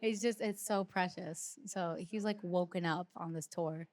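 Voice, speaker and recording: A woman's voice: fairly low pitch, a little slow, a little mellow. A woman in her thirties talks casually on a podcast. She is bubbly and laughs often. She acts out quotes as she goes. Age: 30s. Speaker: podcast co-host. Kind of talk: casual chat.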